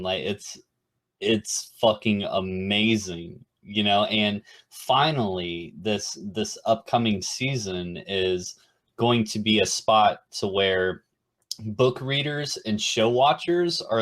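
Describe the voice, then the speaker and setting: Laid-back low-voiced man, slow talk. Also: a bit bright. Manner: laid-back, swears a lot, says "you know" and "dude". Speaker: podcast co-host. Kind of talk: casual chat.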